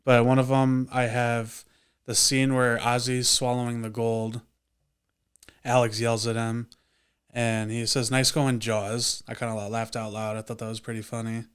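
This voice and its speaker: A man's voice: mid-range voice, completely flat delivery, moderate pace, clean tone. A man co-hosting a casual movie review chat, talking in a laid-back way. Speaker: podcast co-host.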